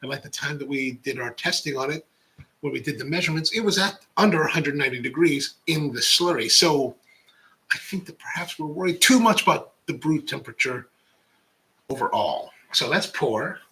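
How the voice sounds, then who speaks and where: A man's voice: a little high, animated, normal speed, bright, forceful tone, rough recording. A middle-aged man hosting a coffee show, chatting casually and rambling as he reads out viewer comments. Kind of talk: casual live-stream chat.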